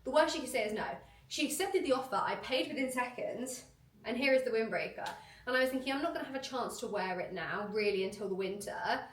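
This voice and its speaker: A woman's voice: fairly high pitch, animated, far from the mic, slight background noise. A young woman chats into a handheld camera at home, full of wry asides and self-mockery. Her voice is stuffy from a lingering cold, and at times she drifts away from the microphone. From United Kingdom. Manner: chatty, self-mocking, quick asides. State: nasal from a cold. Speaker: vlogger. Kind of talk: casual vlog chat. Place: home bedroom.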